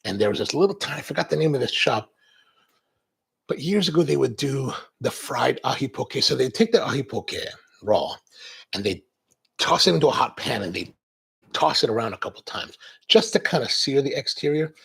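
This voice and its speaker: A man's voice: medium pitch, expressive, fairly quick, creaky, fairly bright tone, husky. A man hosting a coffee show, chatting casually in a rambling way, drifting off on tangents and restarting his sentences. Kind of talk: casual chat.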